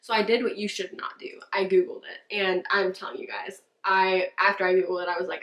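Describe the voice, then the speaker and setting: A young woman tells a story to her camera in a casual, rambling way. She fills her talk with fillers and restarts, and her voice sits at an ordinary middle pitch. The room around her gives her voice a noticeable echo. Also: fairly even intonation, moderate pace, sharp tone. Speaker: vlogger and church worship leader. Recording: roomy echo.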